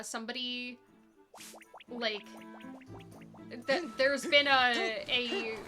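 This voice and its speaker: A young woman chatting casually while streaming a game, talking in a rambling way full of fillers. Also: sits high. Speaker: speedrunner streaming. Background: game music.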